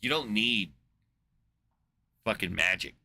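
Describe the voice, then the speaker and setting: A man's voice: on the low side, animated, slow, pushed and bright. A man in a casual, rambling monologue, swearing a lot, incredulous and full of fillers. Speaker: podcast host. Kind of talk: casual profane rant.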